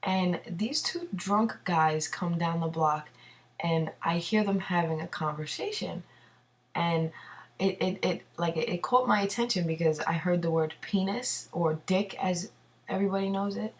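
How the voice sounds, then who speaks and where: A young woman tells a story in a rambling, profane, animated way, sitting at a computer in her home bathroom. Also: fairly low pitch, measured pace, distant mic. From New York City. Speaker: vlogger. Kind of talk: casual storytelling. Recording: voice from away from the mic.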